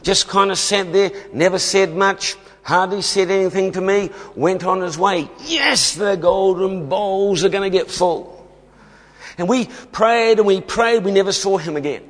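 A man's voice: high-pitched, steady tone, measured pace. A man, preaching a sermon as an emphatic storyteller who laughs often. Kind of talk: sermon testimony. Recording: long hall reverb.

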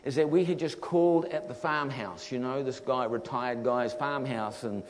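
A man telling a funny travel story in a sermon, animated and laughing often. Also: medium pitch, normal speed. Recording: long hall reverb.

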